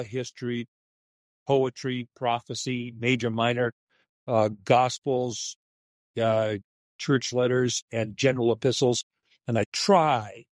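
Older male pastor-author, remote interview, unhurried and halting delivery, dead-dry audio. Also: medium pitch, no echo. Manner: slow, halting, with many fillers and restarts. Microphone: video or phone call.

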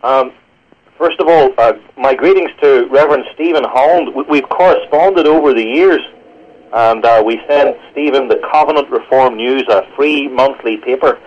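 A man, a pastor, answering on a radio show with earnest, halting restarts while quoting scripture. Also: medium pitch, muffled recording. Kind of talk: radio interview, theological answer.

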